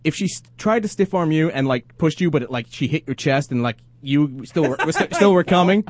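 A man from New York trading crude, quick jokes in casual comedic banter. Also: a little high, animated, a little hiss or hum.

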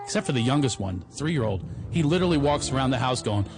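A man in his forties, a comedian, telling animated stories in a casual chat and sometimes breaking into theatrical singing. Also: fast. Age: 40s. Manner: animated storyteller, bursts into high theatrical singing.

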